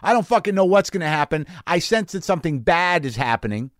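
Male podcast host, slightly high voice, dry close sound, rambling, cursing, self-deprecating. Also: big pitch swings, fast talker, no echo. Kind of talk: casual monologue. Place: garage studio.

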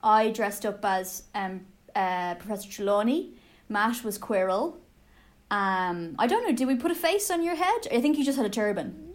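A woman's voice: mid-range voice, lively intonation, normal speed. A woman chatting casually with friends, eager and giggly, with hesitant fillers. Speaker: podcast panelist. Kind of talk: casual chat.

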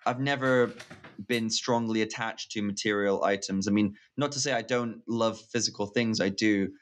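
A man co-hosting a casual movie podcast, speaking in a thoughtful, wry, measured way. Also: fairly low pitch, steady tone. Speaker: podcast co-host.

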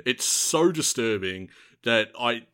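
An Australian man chats about footy with a co-host in loose, jokey banter. His voice swings widely in pitch, and he laughs through many of his lines. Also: takes it slowly, smooth. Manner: jokey, laughs often, animated. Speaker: podcast co-host. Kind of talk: casual sports chat.

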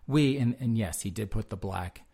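Gravelly low-voiced male commentary host. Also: moderate pace, dark tone. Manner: sarcastic, rambling with fillers. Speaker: show host. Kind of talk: casual commentary reading articles.

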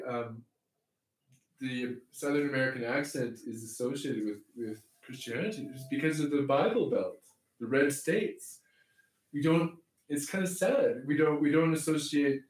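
Chuckling man, roomy and distant. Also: medium pitch. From Canada. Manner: rambling, chuckling, many restarts. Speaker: podcast host. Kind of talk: casual faith chat. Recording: roomy echo, mic at a distance.

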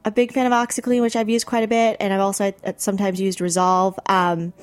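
A woman's voice: mid-range voice, flat delivery, fairly quick, smooth, no echo. A woman co-hosting a podcast in a friendly, easygoing way. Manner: friendly, reads listener questions aloud. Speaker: co-host. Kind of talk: casual podcast chat.

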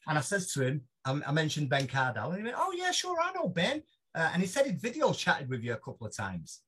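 Animated, husky storyteller. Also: male voice, a little high, quick pace. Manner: animated storyteller, laughs often, puts on voices. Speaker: podcast guest. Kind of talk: casual anecdote telling.

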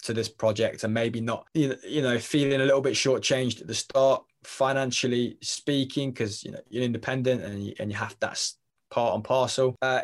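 A young English man with a London or Leicester accent, talking as a podcast guest in a rambling, self-interrupting, jokey way. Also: lowish voice. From England. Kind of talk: casual interview chat.

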